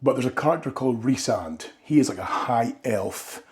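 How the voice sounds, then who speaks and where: A man riffs through a comic rant straight to the camera. He rambles from point to point and keeps tagging his lines with "right?". His voice sits at an ordinary middle pitch. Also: animated, normal speed. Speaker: comedy vlogger. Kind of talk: comedic monologue.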